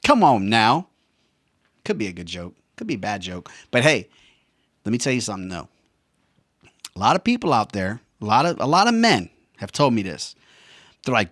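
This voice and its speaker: A man's voice: mid-range voice, wildly swooping pitch, normal speed, pauses often, a bit bright, no echo, clean studio sound. Joking, slangy man rambling casually. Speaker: veteran and former helicopter pilot. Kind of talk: casual monologue.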